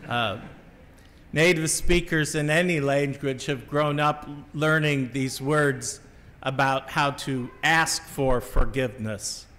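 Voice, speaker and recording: A middle-aged man from the American Midwest giving a homily as a Catholic priest, telling a story in a measured, reflective way with small restarts. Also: medium pitch, a bit bright. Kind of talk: sermon. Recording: long church reverb.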